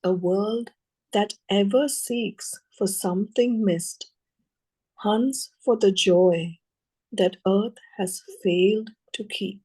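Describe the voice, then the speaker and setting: A woman reading verse aloud in a measured way, pausing often between short phrases. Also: mid-range voice, dark tone, slightly rough, rough recording. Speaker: student reader. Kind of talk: slow poetry reading.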